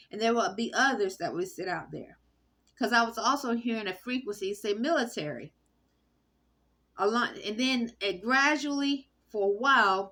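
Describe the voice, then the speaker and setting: Bright-voiced woman rambling in monologue. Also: mid-range voice. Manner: halting, many fillers and restarts. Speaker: vlogger. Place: indoor room. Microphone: phone recording.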